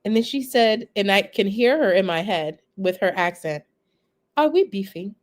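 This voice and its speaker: Deliberate woman co-host telling a story. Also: medium pitch, animated. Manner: wordy storyteller, deliberate phrasing. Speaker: podcast co-host, minister. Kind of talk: casual chat.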